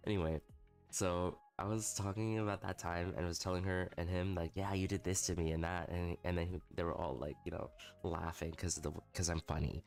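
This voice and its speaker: Deep-voiced young man telling stories. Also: fairly even intonation, a little fast, gravelly, darkish tone, soft background music. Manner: candid, swearing, self-mocking. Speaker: livestreamer. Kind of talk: casual storytelling stream.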